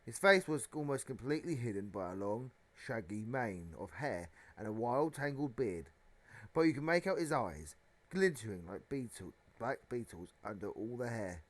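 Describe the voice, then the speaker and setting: A man reading a children's novel aloud as narration, with a dramatic, expressive delivery. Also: mid-range voice, normal speed. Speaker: audiobook reader. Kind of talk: storybook narration.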